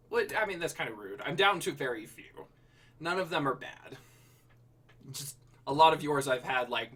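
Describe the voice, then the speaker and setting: A man's voice: mid-range voice, fairly bright tone, recorded from a distance. A man hosting a casual livestream, joking and swearing freely as he chats with viewers about writing prompts. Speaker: livestream host and writer.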